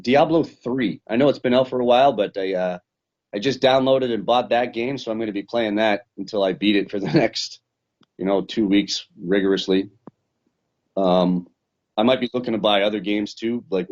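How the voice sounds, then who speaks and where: A man with a lowish voice tells his story in a loose, rambling way and swears freely. He sounds like he is on a remote video call. The sound is muffled and lo-fi. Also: a little mellow. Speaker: professional fighter. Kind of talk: casual interview recap. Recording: dull lo-fi sound.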